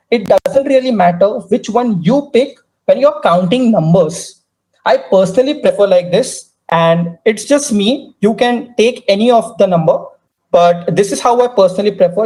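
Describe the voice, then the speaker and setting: A woman teaching a language class, repeating each word slowly and drilling pronunciation. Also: mid-range voice, dark tone, poor audio. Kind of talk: slow, careful language lesson.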